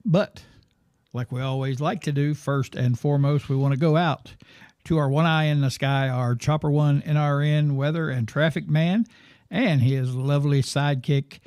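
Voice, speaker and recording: A man's voice: fairly high pitch, steady tone, moderate pace, a little mellow, clear, resonant tone, dry recording. A man hosting a casual sports talk show from a studio, rambling and easygoing with plenty of fillers.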